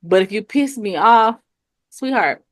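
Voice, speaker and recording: A woman's voice: fairly low pitch, moderate pace, no echo, studio quality. A woman in her thirties with a Southern US accent, chatting casually as co-host and telling stories with acted-out quotes. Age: 30s. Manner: laughing, animated storytelling with acted quotes. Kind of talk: casual chat.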